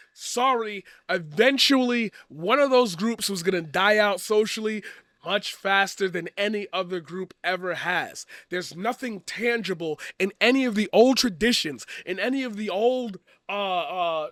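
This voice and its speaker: A man giving a profane, blunt commentary rant, swinging from loud shouting to quiet earnest talk. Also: high voice, no echo, clean studio sound. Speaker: commentary streamer. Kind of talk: ranting commentary.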